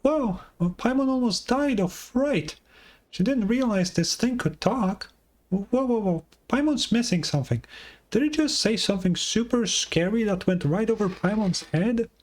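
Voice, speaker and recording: A man voicing a tiny, excitable female companion in a game fan dub, chattering in a squeaky, animated way. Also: moderate pace. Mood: excited. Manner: squeaky, animated, talks about herself in third person.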